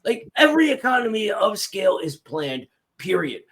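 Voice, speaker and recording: Man, reaction show host, casual commentary, exasperated, high-pitched voice. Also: very animated, normal speed, creaky, a bit bright. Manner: exasperated, dismissive.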